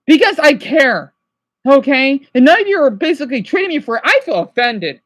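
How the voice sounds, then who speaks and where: A man's voice: extremely high pitch, very animated, a little fast, a bit bright. A man ranting at his livestream chat, agitated and exasperated, scolding and sighing with tiredness.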